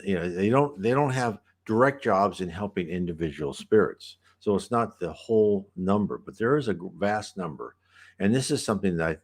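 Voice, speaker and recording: Low-voiced man chatting loosely. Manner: rambling, chatty, with many restarts and fillers. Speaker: reader and commentator. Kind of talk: casual commentary on a book reading.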